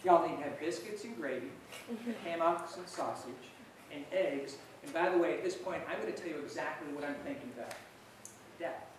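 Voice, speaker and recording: A man's voice: a little high, brisk, background noise, voice pushed down, lightly acted. A man putting on the voice of an eager little boy with a Georgia drawl gives dead-serious breakfast advice. The sound is distant and rings with heavy hall echo. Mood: earnest. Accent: Georgia, as put on. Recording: echoey hall from far off.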